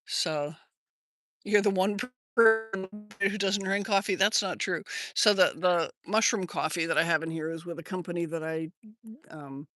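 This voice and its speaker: A woman's voice: lowish voice, steady tone, moderate pace, a bit bright, no echo, faint music behind. An older woman with an American accent hosting a casual livestream from her yard, rambling and chatting as she answers viewer comments on a phone. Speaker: livestream host.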